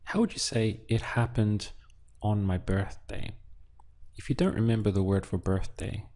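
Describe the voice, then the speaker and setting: A man teaching a language lesson, slow and patient, quizzing the listener with prompts. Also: on the low side, steady tone, mellow. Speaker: Spanish teacher.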